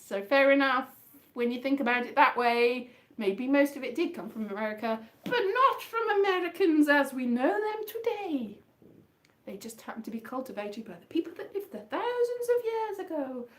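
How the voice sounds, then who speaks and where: High-voiced woman rambling in sing-song. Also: big pitch swings, normal speed. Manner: chatty, meandering, sing-song, self-mocking. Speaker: fringe show host. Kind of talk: rambling half-sung chat over guitar.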